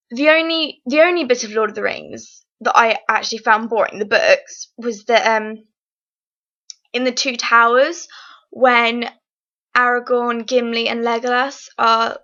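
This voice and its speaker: A teenage girl talks casually into her webcam, rambling with many ums and false starts. Her voice is bright and fairly high. The sound is dull and lo-fi. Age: teens. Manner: chatty, rambling, lots of ums and restarts. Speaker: vlogger. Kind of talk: casual vlog chat.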